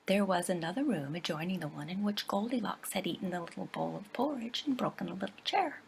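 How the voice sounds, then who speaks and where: A woman reads a children's storybook aloud, her voice soft and often dropping to a half-whisper. Her delivery has a lively, expressive pitch and a gravelly texture, with faint ambient noise behind her. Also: a little fast. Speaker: library storyteller.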